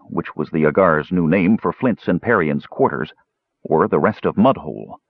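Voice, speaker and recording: A man reading a fantasy audiobook with expressive storytelling, in a slightly dull recording. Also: sits low, husky, dry recording. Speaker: audiobook narrator. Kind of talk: scripted audiobook narration.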